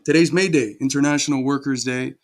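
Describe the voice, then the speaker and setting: Man, livestream host, gravelly voice, casual chat, greets viewers by name. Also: mid-range voice, fairly quick. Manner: greets chat viewers one by one, relaxed and chatty.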